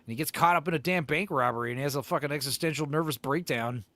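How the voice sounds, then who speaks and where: A man's voice: fairly high pitch, fast talker, fairly bright tone, no room sound. A man hosting a livestream in casual chat, jokey and profane, rambling between topics. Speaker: livestream host. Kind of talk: casual chat reacting to a video.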